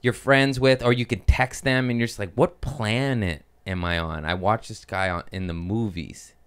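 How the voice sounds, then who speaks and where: A very deep-voiced man from the Los Angeles area who hosts a podcast. His tone is smooth and resonant. He talks in a relaxed, meandering way, swearing casually and reaching for fillers. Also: normal speed. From South Bay, Los Angeles. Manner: laid-back, profane, hesitant with fillers.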